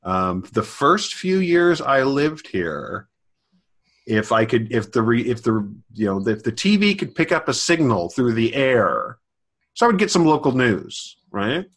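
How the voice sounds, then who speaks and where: A man in his forties, co-hosting a casual podcast, with a pitch that sits right in the middle for a man. He rambles through his memories with plenty of fillers and restarts. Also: big pitch swings, a bit bright. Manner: halting, many fillers and restarts. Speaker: podcast co-host.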